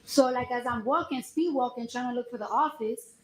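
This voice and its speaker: A woman testifying as a witness at trial, telling her story in an animated, emphatic way. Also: a little high, fairly quick, slight background noise. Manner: animated storytelling, voice rises when she recounts the argument. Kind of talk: courtroom testimony. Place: courtroom. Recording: echoey courtroom audio.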